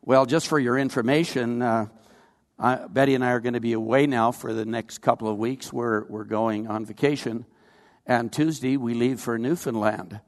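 A man's voice: mid-range voice, steady tone, normal speed, long reverb tail. An older Canadian man preaching a sermon, earnest and folksy, with personal stories woven in. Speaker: pastor.

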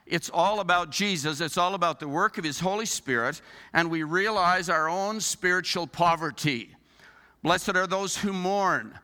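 A man's voice: high-pitched, normal speed, bright, forceful tone, long reverb tail. A man preaching a sermon as a pastor, earnest, building his points with rhetorical questions.

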